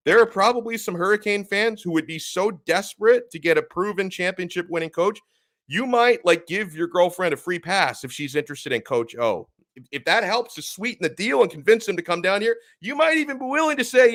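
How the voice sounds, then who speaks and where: A man's voice: high-pitched, expressive, fairly quick, a bit bright, no room sound. A man hosting a live sports talk stream, speaking emphatically and reading out chat comments as he goes.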